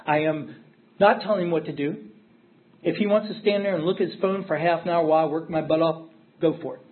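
A man's voice: on the high side, fairly quick. A middle-aged man telling his recovery story at a meeting, candid and emphatic, circling back on repeated phrases. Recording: tinny phone-like audio.

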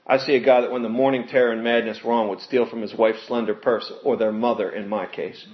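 A man's voice: mid-range voice, fast. Man telling his recovery story, lo-fi. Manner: earnest storytelling, animated when quoting others, laughs with audience. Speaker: recovery speaker. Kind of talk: personal testimony talk. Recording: muffled lo-fi recording.

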